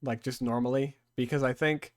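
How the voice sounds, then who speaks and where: A man's voice: mid-range voice, steady tone, moderate pace, darkish tone, no room sound, clean studio sound. A young man from Texas with a light Southern accent, chatting casually and rambling as a podcast co-host. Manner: chatty, rambling, self-correcting. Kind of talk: casual chat.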